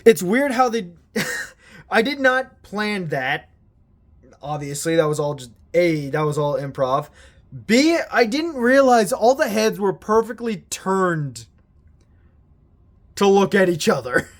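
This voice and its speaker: Male toy reviewer, slightly high voice, slow and rambling, self-deprecating, casual swearing. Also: big pitch swings.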